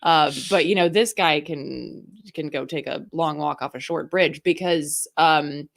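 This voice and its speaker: Female co-host, lower voice, dry wry asides, casual. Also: measured pace, vocal fry. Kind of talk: casual chat.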